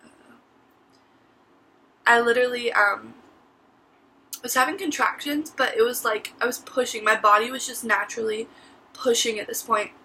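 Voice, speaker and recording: A woman's voice: fairly high pitch, fairly even intonation, normal speed, creaky, pauses often, sharp tone, rough recording. A teenage woman telling her story to camera in a casual vlog, chatty and full of "like" and "literally.". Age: teens. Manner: chatty, says "like" and "literally" a lot. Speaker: vlogger.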